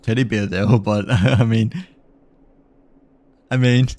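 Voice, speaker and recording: A man's voice: on the low side, steady tone, takes it slowly, a little mellow, no room sound. A man giving casual gameplay commentary, rambling with many fillers and little chuckles. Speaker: gamer.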